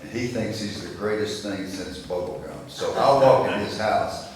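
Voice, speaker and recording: A man's voice: on the low side, moderate pace. An older man giving a storytelling speech to a breakfast gathering, folksy, acting out the voices in his tales. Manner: folksy, acts out dialogue in stories. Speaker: guest speaker. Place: chapel hall. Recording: echoey room from far off with faint noise.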